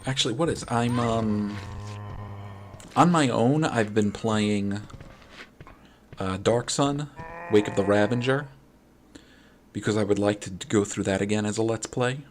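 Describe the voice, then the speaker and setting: A man's voice: on the low side, unhurried, pauses often, soft background music. A man from New York with a New York accent, chatting casually and rambling with his stream viewers late at night. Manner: rambling, friendly, many restarts. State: late-night, a little wired. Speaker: game streamer.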